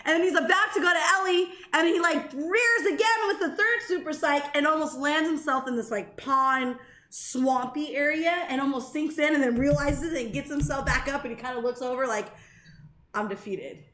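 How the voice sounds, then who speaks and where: Brief: bright, high-pitched woman co-host, lively storyteller, echoey room. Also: moderate pace. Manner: animated, swears freely, laughs while telling a story. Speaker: podcast co-host. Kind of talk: casual storytelling chat.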